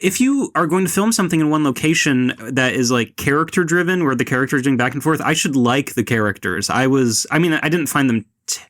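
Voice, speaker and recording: Lively, sarcastic male podcast co-host. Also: mid-range voice, brisk, few pauses. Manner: laughing, sarcastic, lively impressions. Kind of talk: casual film review chat.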